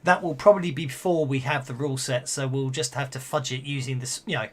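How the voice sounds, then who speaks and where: A man wrapping up a tabletop game session as game master, talking in halting bursts full of fillers and restarts. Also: medium pitch, steady tone.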